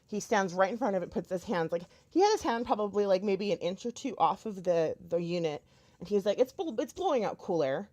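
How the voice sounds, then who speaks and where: A young woman YouTuber talks casually into her camera while doing her makeup, telling a long story full of fillers and restarts. Her voice sits at medium pitch with a darkish tone, and she speaks a little fast.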